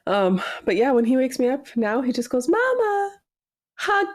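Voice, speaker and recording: A woman in her thirties co-hosting a casual podcast chat, telling lively stories and acting out the voices of people she quotes. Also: a little high, a little fast, no echo, studio quality. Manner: animated storyteller acting out quotes. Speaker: podcast co-host.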